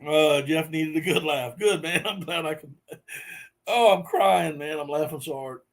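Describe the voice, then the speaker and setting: A man hosting a casual live stream, laughing helplessly between drawn-out exclamations as he chats with viewers. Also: a little high. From Southern US. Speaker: host.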